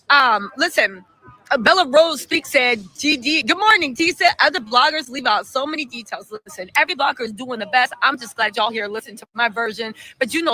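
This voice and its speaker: A woman's voice: high voice, sharp tone, poor audio. A woman hosting a casual live stream, chatting animatedly, reading out viewer messages and firing off emphatic rhetorical questions.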